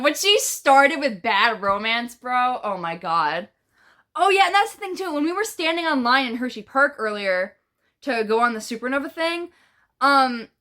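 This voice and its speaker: A woman telling a casual storytime to camera, chatty and profane, full of fillers and animated retellings of what she said. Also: high-pitched. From New York. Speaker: vlogger.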